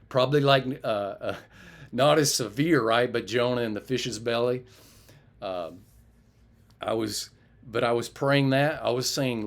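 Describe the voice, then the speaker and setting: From the pulpit, a man tells his personal testimony as a story at a slightly slow pace. He animates it by raising his voice to play the other people involved, then drops soft, low, and quiet when recalling his prayers.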